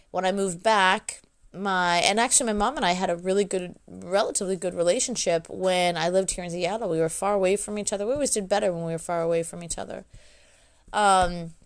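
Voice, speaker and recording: Blunt, profane woman telling her story. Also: on the low side. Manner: raw, blunt and profane, with frequent restarts and self-corrections. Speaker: adult daughter sharing her story. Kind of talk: personal storytelling monologue.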